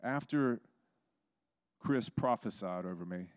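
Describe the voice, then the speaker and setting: A man's voice: on the low side, slow pace, smooth, no room sound, clean studio sound. A man preaching a sermon, telling stories and acting out the voices in them. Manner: storytelling, acts out quoted voices.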